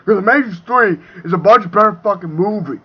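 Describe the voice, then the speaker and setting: High-voiced man on an angry rant. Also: fairly quick, slightly rough. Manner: profane, ranting, swings between shouting and muttering. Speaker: video reviewer. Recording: dull lo-fi home recording.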